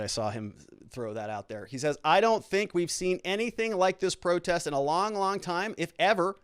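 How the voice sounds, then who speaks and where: A man hosting a political commentary show, sarcastic and animated, with mocking asides. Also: a little high, no room sound, studio quality. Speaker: host.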